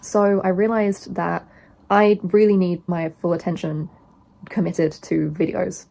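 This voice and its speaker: A woman co-hosting a podcast, telling a story in a dry, deliberate manner during casual chat. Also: fairly low pitch, flat delivery, gravelly, dark tone. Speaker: podcast co-host.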